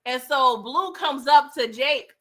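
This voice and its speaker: Chatty bright-voiced woman reviewing movies. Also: sits high, takes it slowly. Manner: chatty and animated, laughs often, slangy asides. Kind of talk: casual movie review vlog.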